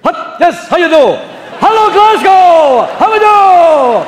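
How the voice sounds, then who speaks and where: A man's voice: very high-pitched, very animated, slow, a little hiss or hum, heavily acted. A man impersonating a brash Dutch football manager with a Dutch accent, doing hammy stand-up patter on a live stage. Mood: brash showman. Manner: loud, hammy, punchline-driven, shouted catchphrases. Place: large theatre stage. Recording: live hall with audience.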